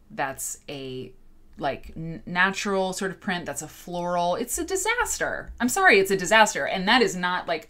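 A woman in her thirties hosts a quilting livestream from a home green-screen setup. She speaks in a lowish voice, animated and exasperated. She sprinkles in sarcastic asides. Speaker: quilt show host. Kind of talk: livestream talk.

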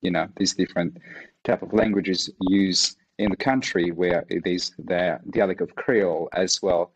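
A man from Mauritius with a French accent, French his first language, a martial arts instructor chatting as an interview guest, laughing often and pausing with fillers. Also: low-pitched, steady tone, slight background noise, rough recording. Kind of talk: casual interview conversation.

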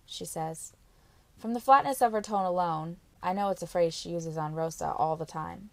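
A woman's voice: on the low side, normal speed, a little mellow, no echo. A woman reading a first-person novel aloud as an audiobook, in plain storytelling with light character voicing. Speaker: audiobook reader.

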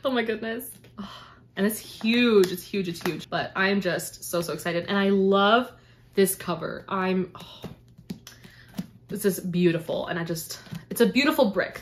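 A young woman from Canada talks straight to camera in a casual book vlog, her voice sitting at an ordinary middle pitch. She gushes effusively and keeps doubling her words for emphasis. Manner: gushing, effusive, repeats "so, so". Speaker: book vlogger. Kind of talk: casual unboxing chat to camera.

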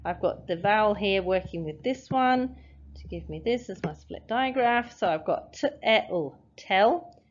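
A woman walks through a phonics lesson, sounding out each letter and syllable slowly and patiently. Her voice sits at an ordinary middle pitch. The recording is slightly dull and lo-fi. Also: lively intonation. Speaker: teacher. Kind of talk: phonics lesson, explaining at a board.

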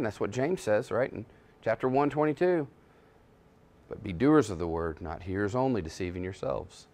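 A man preaching a sermon as pastor, swinging between hushed and loud, emphatic passages, often restarting his words. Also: medium pitch. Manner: frequent self-restarts and repetitions.

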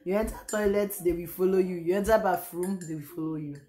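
A hoarse Nigerian woman talks to her vlog camera in a low, worn voice. She rambles casually, repeating phrases and sighing between thoughts. Her strained voice sounds close to gone. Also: fast talker, warm tone. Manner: chatty, repeats herself, sighs and trails off. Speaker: vlogger. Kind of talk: casual home vlog chat. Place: room at home.

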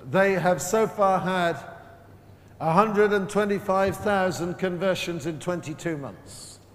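A man preaching a sermon at a Christian conference, emphatic and slowing down to stress key words. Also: on the high side, slight background noise. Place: large hall at a Christian conference. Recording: live sermon with long hall reverb.

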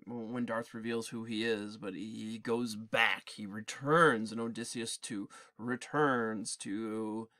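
A male teacher giving an animated, digressive literature lecture in class, with frequent restarts. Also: mid-range voice. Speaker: English teacher.

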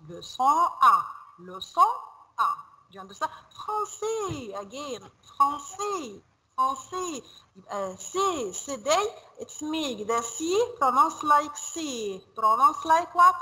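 Bright-voiced woman teaching a class. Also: on the high side, animated, low-quality recording. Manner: repeats words slowly, drilling pronunciation. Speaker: French teacher. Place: school classroom.

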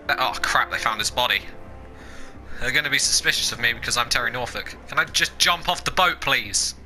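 A man with an Australian accent giving joking, excitable let's-play commentary, breaking into shouts and laughter. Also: mid-range voice, fairly quick, faint music behind. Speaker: gaming YouTuber.

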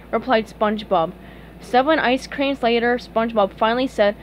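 A woman's voice: on the high side, normal speed, slight background noise. Woman reading a children's story aloud. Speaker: storybook reader.

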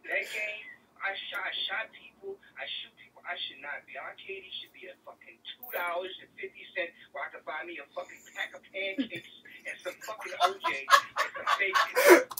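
Young man, high lively voice, bright tone, heard from a distance, faint hiss, profane exaggerated rant. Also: fairly quick. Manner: loud, exaggerated, swearing, repeats himself. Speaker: gamer ranting to camera.

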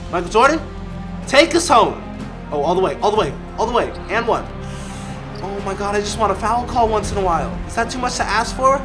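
A man giving live commentary over a basketball video game, excitable, shouting at his players and laughing often. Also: sits high. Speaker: gaming YouTuber.

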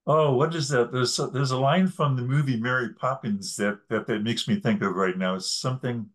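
Man, medium pitch, podcast guest, easygoing casual chat. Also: moderate pace. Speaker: guest, drummer.

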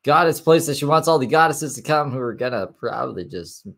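A man's voice: medium pitch, animated, a little fast, creaky, fairly bright tone. A man reacting to a clip as commentator, crude and mocking in tone.

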